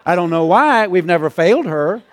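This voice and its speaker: Male pastor, high voice, chuckly sermon delivery, calls for amens. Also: lively intonation, moderate pace, a little hiss or hum. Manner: chuckling, call-and-response.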